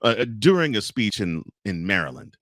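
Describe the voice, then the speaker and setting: A man's voice: on the low side, very animated, brisk, fairly bright tone, no echo, clean studio sound. A man co-hosting a podcast, reading political news aloud and breaking off for sarcastic asides in casual chat. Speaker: podcast co-host.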